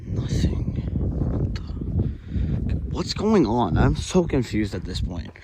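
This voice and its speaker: A frightened man vlogging on location, talking in a hushed, jittery voice and often half-whispering. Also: mid-range voice, very animated, slow. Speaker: paranormal vlogger. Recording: loud outdoor background noise. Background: loud noise and outdoor ambience.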